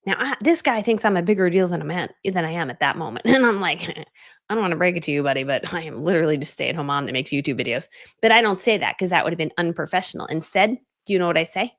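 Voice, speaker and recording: A woman's voice: on the low side, lively intonation, fast, a bit bright. A middle-aged woman coaching on a live stream, telling her story animatedly and acting out the voices of the people in it. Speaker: online business coach.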